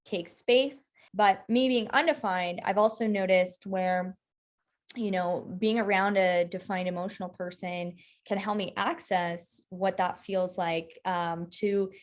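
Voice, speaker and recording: A woman's voice: mid-range voice, fairly even intonation, a little slow. Chatty woman explaining human design. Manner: explanatory, checks in with "right?" often. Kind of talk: casual teaching chat.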